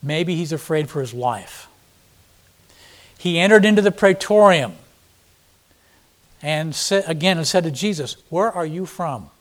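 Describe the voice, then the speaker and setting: A man's voice: on the high side, lively intonation, unhurried, pauses often. A man preaching a sermon, reading scripture and explaining it in blunt, plain paraphrase, with dramatic emphasis on quoted lines. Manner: dramatic, acting out quoted speakers with sudden loud emphasis. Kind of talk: expository sermon.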